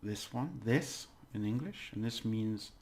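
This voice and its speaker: Gravelly-voiced man teaching pronunciation. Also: on the low side, lively intonation, measured pace, a little mellow. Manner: chatty, exaggerates words to demonstrate, laughs at own slips. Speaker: language teacher. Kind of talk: casual video lesson.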